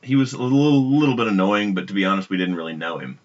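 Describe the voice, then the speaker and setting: A man's voice: deep voice, animated, fast talker. A man co-hosting a casual podcast, telling a long story in a rambling way with frequent restarts. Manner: rambling, self-interrupting storyteller. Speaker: podcast co-host. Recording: dull lo-fi podcast audio.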